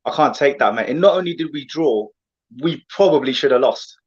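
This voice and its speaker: Passionate football pundit. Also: male voice, mid-range voice, brisk, husky, highs cut off. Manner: animated, passionate, rambling rants with lots of "mate". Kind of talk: casual football chat.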